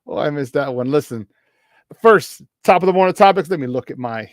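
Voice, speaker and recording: Hyped high-voiced sports radio host. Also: male voice, no echo, clean studio sound. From Chicago area. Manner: hyped, shouting out listeners by name. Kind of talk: morning sports talk show.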